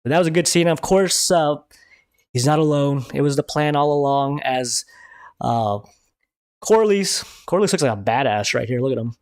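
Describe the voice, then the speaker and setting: A man hosting a live review stream, talking excitedly in casual commentary and swearing freely. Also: fairly high pitch, moderate pace, dry recording, studio quality.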